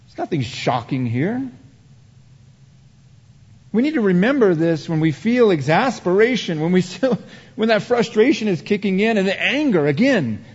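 Male preacher, slightly high voice, dramatic delivery, long reverb and a dull, muffled recording. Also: very animated, normal speed, husky. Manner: dramatic preaching, rising to heated emphasis and dropping to hushed. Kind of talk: sermon.

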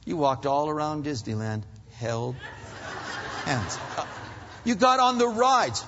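A man preaching a conversational sermon to husbands, animated and acting out little bits of dialogue. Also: a little high, slow, pauses often, slight background noise. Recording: muffled, reverberant hall.

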